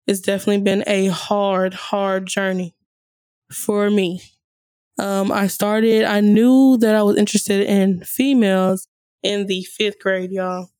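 A woman's voice: mid-range voice, a little mellow, no room sound. A young woman hosting her channel, casually telling a personal story and often calling her viewers y'all. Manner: chatty, addresses viewers as y'all. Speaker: host.

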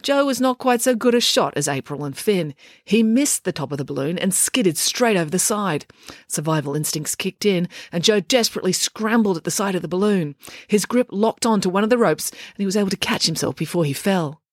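A woman narrates a children's adventure story in a lively, expressive way. Her voice sits at an everyday middle pitch. The recording is close and dry, with no room sound. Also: brisk, dry recording. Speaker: audiobook reader.

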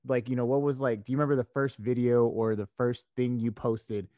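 A man's voice: medium pitch, little pitch movement, fairly quick, warm tone, dry recording, highs cut off. A man hosting a podcast, asking questions casually and enthusiastically, with lots of "like" and "yeah". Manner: enthusiastic, loose, many "like"s and "yeah"s. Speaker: podcast host. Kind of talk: casual interview.

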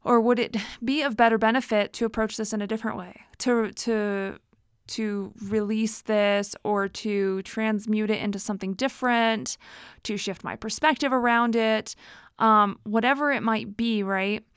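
A woman's voice: mid-range voice, steady tone, moderate pace, clear, resonant tone, dry recording, studio quality. A woman hosting a casual solo podcast, chatty and reflective, laughing often and talking with lots of fillers. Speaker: podcast host.

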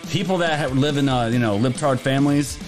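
A man's voice: medium pitch, fairly quick. Male streamer host, loose rambling delivery, casual chat over background music. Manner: rambling, jokey, loose with filler words. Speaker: livestream host. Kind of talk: casual political livestream talk. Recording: music playing underneath.

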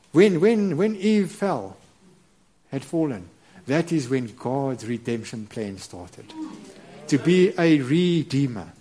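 Halting, stammering middle-aged male preacher. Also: medium pitch, warm tone. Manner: halting, many repeated words and restarts; earnest and reverent. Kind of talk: sermon.

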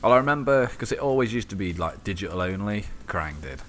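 A man in casual chat as a podcast co-host, telling stories in an animated way, swearing freely and acting out the voices of people he quotes. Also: lowish voice, fast talker, a little hiss or hum.

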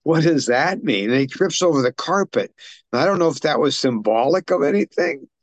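A man's voice: on the high side, lively intonation, fairly quick, no room sound. A man co-hosting a podcast, recapping a film's plot in a casual, rambling way with many fillers. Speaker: podcast co-host. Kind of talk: casual film discussion.

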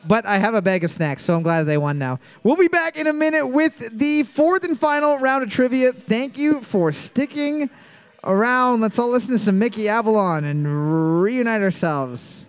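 A man's voice: very high-pitched, lively intonation, normal speed, smooth. A man hosting a live trivia night in a bar, reading out questions and scores with jokes in between. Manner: jokey, announcing questions and scores. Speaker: trivia host.

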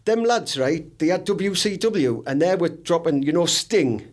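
A man chats in a slangy, easygoing way as a podcast co-host, laughing often between stories. His voice sits high for a man. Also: lively intonation, unhurried, darkish tone. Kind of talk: casual banter.

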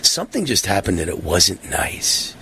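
A man putting on the voice of a talking horse, slow and drawling. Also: deep voice, wildly swooping pitch, gravelly, pushed and bright, husky, pitched below the performer's own voice, exaggerated voice.

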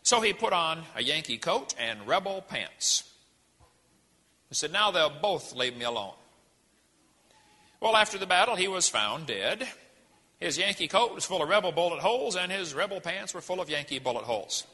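A man's voice: high-pitched, very animated, moderate pace, bright, forceful tone, breathy edge, long reverb tail. A man giving a folksy, emphatic sermon-style lecture. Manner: folksy, emphatic, jokey preaching. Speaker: creationist speaker.

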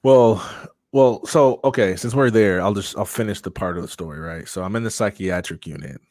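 A man being interviewed, telling his story with animated energy and laughter. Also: on the low side, moderate pace, no room sound, studio quality. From Michigan. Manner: animated storyteller, acts out voices, laughs often. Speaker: guest.

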